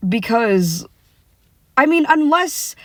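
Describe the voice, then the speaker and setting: Young woman, casual rant from a parked car; unhurried, profane, full of "like" and restarts. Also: on the high side, very animated, fairly bright tone, no echo, studio quality. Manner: heated, swearing, lots of fillers and restarts. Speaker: vlogger. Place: sitting in a car.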